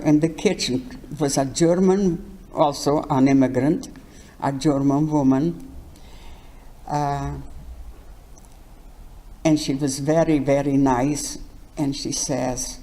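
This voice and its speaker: An older woman giving her life testimony in an interview, speaking haltingly and often restarting words. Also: sits low, warm tone. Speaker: Holocaust survivor interviewee.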